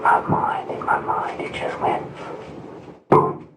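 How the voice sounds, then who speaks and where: A man recounting events in a recorded interview, agitated and rambling, repeating himself. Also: slow. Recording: distant, roomy recording with loud noise.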